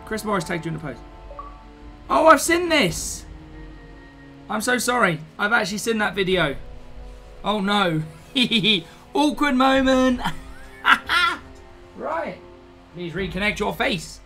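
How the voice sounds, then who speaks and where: A live streamer, chatting casually, excitable and flustered, laughing often. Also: mid-range voice, takes it slowly, long pauses, soft background music.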